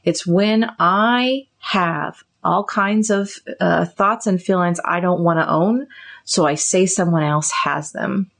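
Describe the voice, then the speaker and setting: Animated woman therapist hosting a podcast. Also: slow pace. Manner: animated, acts out example dialogues with raised pitch. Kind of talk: casual explanatory chat.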